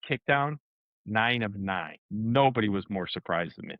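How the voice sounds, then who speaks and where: A man telling a story in a lively way, with sound effects and acted-out dialogue. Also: on the low side, quick pace, no echo, highs cut off. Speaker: co-host and martial arts competitor. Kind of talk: animated casual storytelling.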